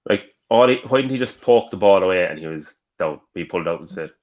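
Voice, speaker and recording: A man's voice: low voice, animated, fast. A man from Ireland co-hosting a football podcast, giving frustrated match analysis in casual chat. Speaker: podcast co-host. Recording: dull lo-fi sound.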